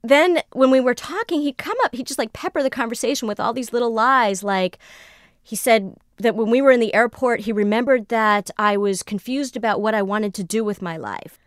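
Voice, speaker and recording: A woman's voice: fairly high pitch, fairly quick, no room sound, clean studio sound. A woman recounting a personal story in conversation, acting out the lines of the people in it. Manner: animated, re-enacts dialogue. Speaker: storyteller guest.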